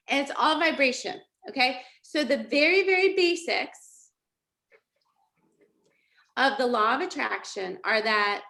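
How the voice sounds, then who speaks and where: A middle-aged woman coaching a group over a video call, with a bright, forceful voice set a little high. She talks with lively energy and keeps checking in with "okay?" and "right?" as she teaches. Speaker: life coach. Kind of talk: live coaching session.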